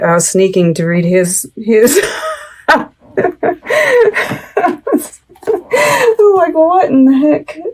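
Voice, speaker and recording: A woman talks through a tarot reading at an unhurried, drawn-out pace, her voice sitting a little on the low side. She rambles and circles back, tossing in "right?" and "you know" as she goes. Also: a little mellow. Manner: meandering, many fillers and "right?" asides; laughs easily. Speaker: tarot reader. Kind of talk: casual tarot reading with read-aloud card text.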